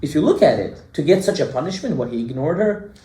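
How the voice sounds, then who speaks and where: A male rabbi giving a sermon, telling a story and swinging between hushed lines and emphatic ones. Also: a little high, expressive, fast. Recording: echoey room.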